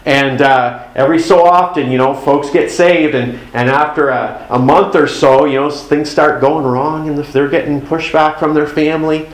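A man's voice: fairly high pitch, fairly even intonation, moderate pace, few pauses. Echoey preaching man, conversational. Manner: conversational preaching with folksy asides and acted-out dialogue. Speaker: pastor. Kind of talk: sermon.

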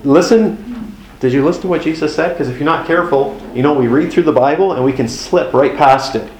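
Man preaching, sermon, conversational, folksy asides, slightly high voice, echoey room. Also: fairly quick, a little mellow, a little hiss or hum. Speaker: pastor.

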